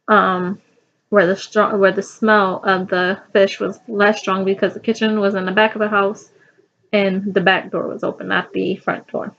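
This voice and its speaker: A woman's voice: medium pitch, lo-fi sound. A young woman telling a personal story in casual chat, rambling with fillers and restarts.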